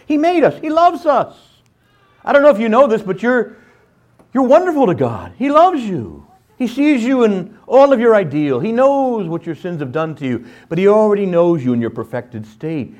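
Man preaching, lively swooping voice, somewhat high, keeps asking right, animated bible teaching. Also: normal speed. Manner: animated, jumps into playful voices, asks "right?". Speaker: priest teaching scripture.

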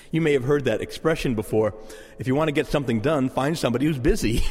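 A male pastor preaching a sermon in a church, lively and conversational, acting out quoted voices and chuckling now and then. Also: medium pitch, quick pace, slightly rough. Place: church sanctuary. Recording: long hall reverb.

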